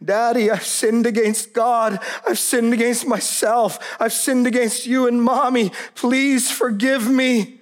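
A woman's voice: a little high, steady tone, unhurried, pitched above the performer's own voice, lightly acted. A man putting on a tearful young woman's pleading voice. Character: young adult daughter, sobbing and repentant.

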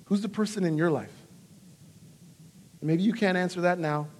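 A high-pitched man in his thirties delivers an earnest sermon as a pastor. His delivery is animated, and he voices quoted lines with dramatic feeling. The sound carries a long reverb from a church hall. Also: normal speed, a little hiss or hum.

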